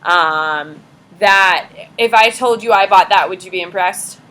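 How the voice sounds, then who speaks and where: A woman's voice: mid-range voice, measured pace, fairly bright tone, slight background noise, low-quality recording. A woman teacher giving a casual classroom lecture, chatty and sarcastic, swearing offhandedly as she talks to students.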